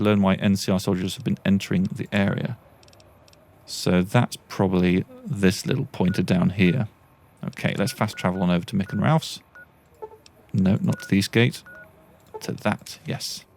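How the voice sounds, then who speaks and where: British let's-play host, low gravelly voice, rambling and self-mocking. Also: male voice, moderate pace, a little mellow. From Britain. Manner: awkward, self-deprecating, rambling. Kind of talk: casual gameplay commentary.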